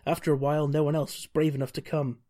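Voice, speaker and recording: A man's voice: a little high, little pitch movement, fast, warm tone, close to an everyday voice. A man reading aloud the lines of a cheerful young half-elf ranger from a gamebook, in a plain reading voice. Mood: earnest.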